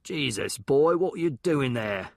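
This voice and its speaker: A man voicing a gruff working-class gravedigger father with a curt, scolding manner in an audiobook. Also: medium pitch, expressive, takes it slowly, no room sound, studio quality. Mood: urgent. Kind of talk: audiobook character voice.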